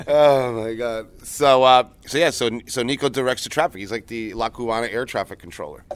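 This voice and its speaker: A man's voice: mid-range voice, fairly quick, smooth, no room sound. A man who works as a chef, co-hosting a podcast in casual chat full of swearing and jokes. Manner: profane, wisecracking, bursts into laughter. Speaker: podcast co-host, restaurant chef. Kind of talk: casual chat, crude banter.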